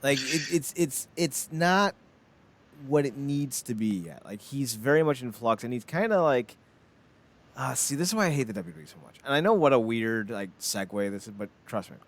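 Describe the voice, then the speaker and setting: A man's voice: medium pitch, lively intonation, fairly quick. Podcast co-host, man, middle voice, loose and profane, rambles through his takes. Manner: rambling, blunt and profane, with frequent "like" fillers. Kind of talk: casual chat.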